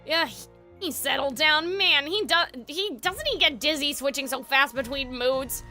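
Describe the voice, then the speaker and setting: Bright-voiced woman streaming a game. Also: high voice, lively intonation, measured pace, faint music behind. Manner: casual, swearing.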